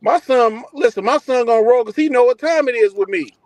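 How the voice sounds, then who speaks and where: A man's voice: very high-pitched, brisk, darkish tone, no room sound. A man in a casual group debate, blunt and emphatic, repeating himself to hold the floor.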